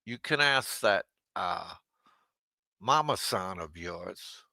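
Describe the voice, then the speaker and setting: A man's voice: on the low side, creaky, sharp tone, no echo. A man hosting a livestream, talking in a mocking, profane rant aimed at someone who is not there and laughing at his own jabs. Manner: talks straight to an absent listener. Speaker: livestream host.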